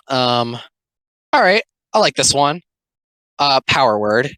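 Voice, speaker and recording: A young adult video commentator speaking in casual, rambling comic commentary, full of "like" fillers and sarcastic asides, sometimes dropping into quick mocking character voices. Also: medium pitch, very animated, fairly bright tone, no room sound, rough recording.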